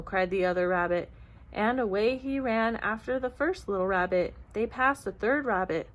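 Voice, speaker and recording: A woman storyteller introducing a folktale and reading a picture book aloud in a measured, expressive way. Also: mid-range voice, poor audio.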